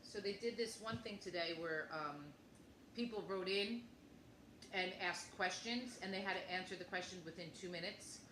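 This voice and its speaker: Bright-voiced woman in her fifties telling a story. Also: mid-range voice, moderate pace. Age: 50s. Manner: rambling storyteller who acts out both sides of conversations. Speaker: podcast co-host. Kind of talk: casual chat. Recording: echoey room with faint noise.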